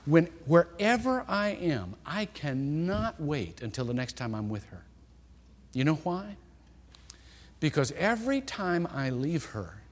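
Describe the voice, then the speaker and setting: A middle-aged man preaching a sermon, telling stories with lively acted-out dialogue. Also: a little high. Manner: animated storytelling, acts out quoted dialogue. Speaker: pastor. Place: church sanctuary. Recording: long hall reverb.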